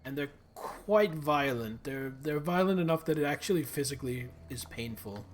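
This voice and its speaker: Male live streamer, rambling gameplay commentary, somewhat raised pitch. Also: animated, moderate pace. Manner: chatty, rambling aside to viewers.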